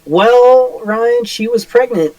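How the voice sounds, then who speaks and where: A man's voice: very high voice, slow, mellow, no echo, muffled recording. A young man co-hosting a podcast in casual chat, a playful, joking storyteller. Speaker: podcast co-host.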